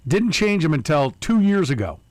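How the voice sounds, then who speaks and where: A man's voice: a little high, big pitch swings, normal speed, no echo. A middle-aged man hosting a sports radio show, chatting and ribbing his co-host. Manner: teasing, chatty. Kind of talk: casual radio banter.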